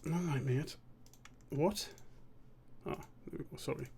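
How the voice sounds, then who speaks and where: A man's voice: fairly high pitch, a little slow, creaky, darkish tone, a little hiss or hum. A man streaming a drawing session, rambling and muttering to himself, swearing freely as he works. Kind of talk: casual live-stream commentary while drawing.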